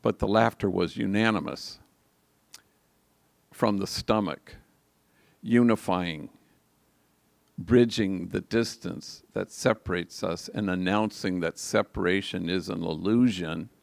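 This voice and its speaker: A man's voice: low-pitched, dry recording. An older man, a priest, telling a story in a reflective homily at a live liturgy. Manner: slow, reflective, gravelly delivery.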